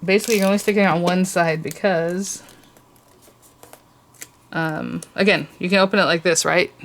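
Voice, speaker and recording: A woman's voice: lowish voice, steady tone, normal speed, slight background noise. A woman hosting a casual crafting tutorial, chatty and gushing over cute details as she works.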